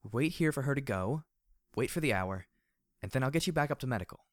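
A man voicing a blunt, chatty young female pony guard who talks in a brisk, casual, profane way. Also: medium pitch, lively intonation, dry recording, clean studio sound, voice pushed up, lightly acted.

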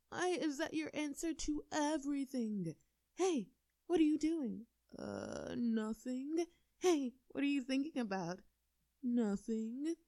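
A woman's voice: sits high, warm tone, no echo, clean studio sound, heavily acted. A woman voicing a bold, crude and taunting young woman in an audio role-play. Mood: teasing. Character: bold teasing young woman, sister's friend.

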